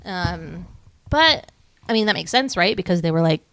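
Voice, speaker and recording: A woman's voice: on the low side, expressive, normal speed, fairly bright tone, no echo. A woman co-hosting a podcast in casual chat, talkative and loose, swearing and laughing easily. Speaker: podcast co-host.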